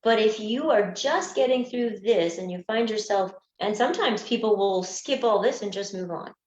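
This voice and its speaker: A woman's voice: medium pitch, normal speed, darkish tone. A woman coaching listeners through breakup stages in an earnest teaching talk, sometimes acting out examples. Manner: earnest, acts out examples in small voices. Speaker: anxiety coach. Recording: echoey room, dull lo-fi sound.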